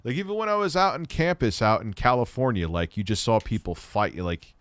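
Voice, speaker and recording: A man's voice: medium pitch, expressive, brisk, fairly bright tone, dry recording, clean studio sound. A man hosting a casual livestream Q&A, reading viewer questions aloud and answering in a rambling, profane way.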